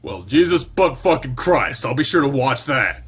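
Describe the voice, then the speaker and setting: A man voicing a crude, grumpy adult male lizard man in a visual novel read aloud, gruff and foul-mouthed. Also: mid-range voice, big pitch swings, normal speed, soft background music. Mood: mocking.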